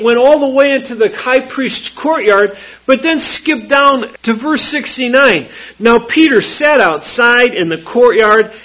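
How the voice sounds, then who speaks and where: Male preacher, husky voice with a lively sweeping delivery, dull lo-fi recording. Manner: slow, emphatic preaching with sweeping pitch and repeated phrases. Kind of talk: sermon.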